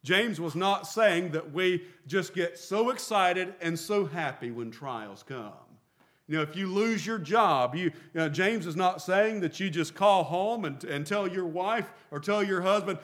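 A man's voice: sits high, measured pace, fairly bright tone. A middle-aged man preaching a sermon as a pastor, asking rhetorical questions and repeating phrases for emphasis.

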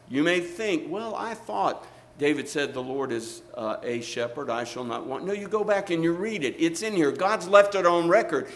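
A man's voice: fairly high pitch, lively intonation, unhurried. A middle-aged male pastor, preaching a sermon with emphatic rises and asides to the congregation.

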